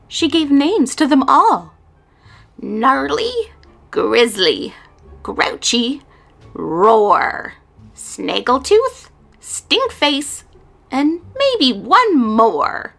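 A woman reading a rhyming children's picture book aloud in a lively, sing-song way. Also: sits high, creaky. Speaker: storyteller.

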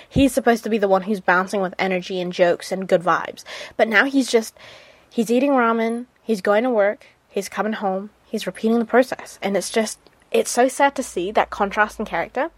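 A woman's voice: medium pitch, no echo. A woman with a New Zealand accent hosting a radio show, reviewing a drama in a chatty, gushing way with many fillers and restarts. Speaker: radio host. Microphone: studio mic.

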